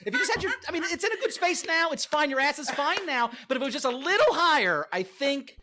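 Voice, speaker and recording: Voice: high voice, sing-song, quick pace, sharp tone, voice pushed up, exaggerated voice. Someone doing a fussy, hedging man giving notes. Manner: hesitant, overly polite, hedging. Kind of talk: comic impression.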